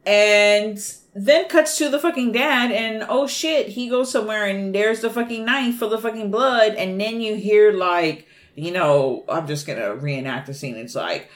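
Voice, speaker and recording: Animated, profane woman retelling a movie. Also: medium pitch, unhurried, few pauses. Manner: animated, profane, laughing storyteller. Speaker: podcast co-host. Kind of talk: casual movie recap.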